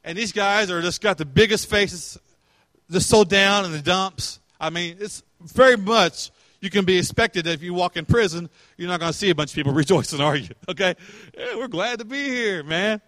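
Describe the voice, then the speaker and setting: High-voiced pastor preaching casually. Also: male voice, fairly quick, sharp tone, no room sound. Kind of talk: sermon.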